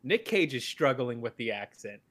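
A podcast co-host chats casually, rambling with lots of restarts and filler words. His medium-pitched voice is sing-song and fairly bright, moving at a normal speed.

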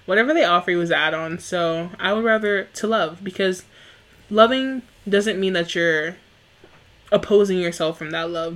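A woman's voice: fairly low pitch, a bit bright. A young woman co-hosting a podcast in casual chat, giggly and rambling, teasing herself. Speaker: podcast co-host.

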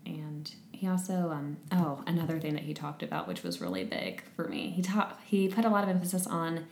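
A woman chatting casually and telling a story with lively energy, laughing often. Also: low-pitched, brisk, reverberant, slight background noise. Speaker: podcast guest sharing a conference experience. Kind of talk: casual chat.

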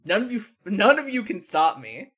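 A woman's voice: medium pitch, sing-song, moderate pace, slightly rough. A woman co-hosting a comedy podcast, giggly and self-mocking. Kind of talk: casual comedy podcast chat.

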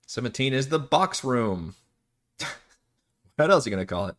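A man's voice: mid-range voice, big pitch swings, moderate pace, long pauses, fairly bright tone. A man acting as dungeon master, chatting casually and rambling during live-streamed game prep, often laughing and swearing.

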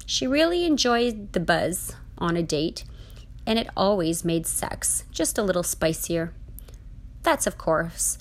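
Woman reading a comic story aloud, deadpan, low-pitched and unhurried. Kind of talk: comic short-story narration.

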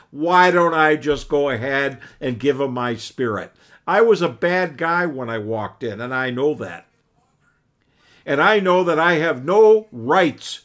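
High-pitched earnest man teaching scripture. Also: fairly bright tone. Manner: earnest, emphatic, often quotes his old teacher. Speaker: Bible class teacher. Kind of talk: preaching lecture. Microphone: video call.

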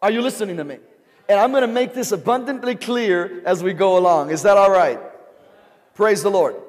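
Briskly and in a high-pitched voice, a pastor leads a call-and-response sermon, firing repeated rhetorical questions at the congregation. The large sanctuary adds a long, hall-like reverb.

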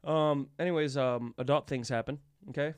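A man's voice: mid-range voice, steady tone, normal speed, clear, resonant tone, dry recording. Guy on a podcast telling a long story, keeps laughing, swears a lot, dry studio mic. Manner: rambling, laughs often, swears. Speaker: podcast host. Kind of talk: casual storytelling chat.

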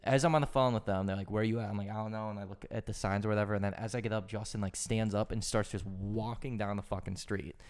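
A young man in casual conversation, racing through an animated, profanity-laced story packed with "like" fillers. His voice sits somewhat low and the words tumble out fast.

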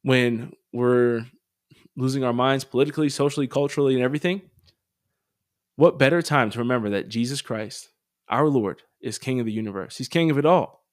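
A man talks in a blunt, opinionated way on his commentary podcast, swearing now and then before turning to earnest encouragement. His voice sits at an ordinary middle pitch. The sound is dry and close, with no room echo. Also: fairly quick. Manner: earnest and exhorting. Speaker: podcast host.

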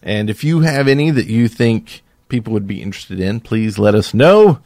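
A man's voice: on the low side, expressive, normal speed, a little mellow, no room sound, studio quality. A man co-hosting a podcast in casual chat, rambling and hesitant with many fillers. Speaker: podcast co-host.

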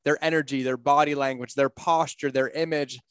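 A man's voice: medium pitch, steady tone, fairly quick, fairly bright tone, clean tone, no room sound. A middle-aged man talking in a casual podcast conversation, blunt, profane and emphatic, telling stories from his life. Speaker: podcast guest, entrepreneur.

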